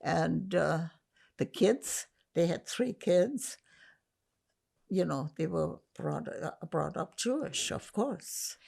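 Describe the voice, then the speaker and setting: An older woman from Germany, giving an oral history interview in a slow, reflective way with pauses and restarts. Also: on the low side, animated, gravelly, darkish tone, slightly rough. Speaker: interviewee, survivor.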